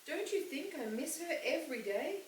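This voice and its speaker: A woman voicing a gentle, sad father who is a preacher, speaking softly and tenderly. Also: high voice, lively intonation, moderate pace, pitched above the performer's own voice. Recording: roomy, distant mic, faint hiss.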